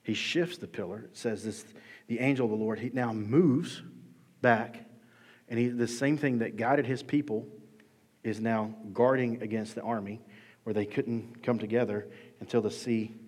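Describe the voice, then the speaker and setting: A man preaching a sermon in a church, conversational and animated, with bursts of emphasis. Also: medium pitch, normal speed, husky. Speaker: pastor. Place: church sanctuary. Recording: hall reverb.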